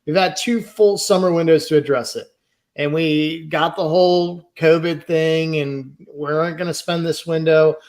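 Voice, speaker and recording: A man's voice: a little high, fairly even intonation, moderate pace, a little mellow. A man co-hosting a casual podcast, ranting heatedly and swearing. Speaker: podcast co-host.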